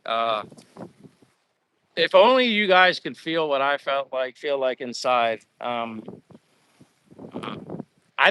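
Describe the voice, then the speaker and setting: A man's voice: mid-range voice, bright, forceful tone, smooth, no echo. A man from Pennsylvania, living abroad, chatting casually on a live stream as he reads viewer comments, rambling and grateful and stumbling over names. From Pennsylvania, USA. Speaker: expat vlogger reading live chat. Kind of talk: casual live-stream chat while walking. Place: outdoors in a Philippine town.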